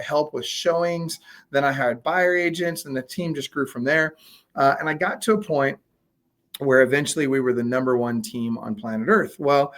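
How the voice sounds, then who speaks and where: A man being interviewed, telling a story in a casual, animated way, acting out quoted dialogue with lots of fillers. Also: fairly high pitch. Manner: frequent fillers and restarts. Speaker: guest, real estate coach.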